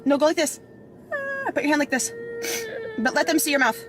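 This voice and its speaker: A woman's voice: high voice, animated, fairly quick, over loud music. A woman speaking on a live stream to her followers, coaxing and directing her son. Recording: noisy home stream audio.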